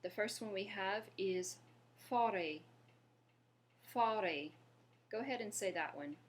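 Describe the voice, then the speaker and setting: A woman's voice: medium pitch, husky. Patient woman teaching French pronunciation. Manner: patient, models words slowly for repeating. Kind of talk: online language lesson.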